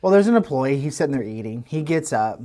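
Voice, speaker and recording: Guy on a podcast, rambling animated story, lots of restarts, ordinary mid voice. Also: mid-range voice, fast. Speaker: podcast co-host. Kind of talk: casual chat.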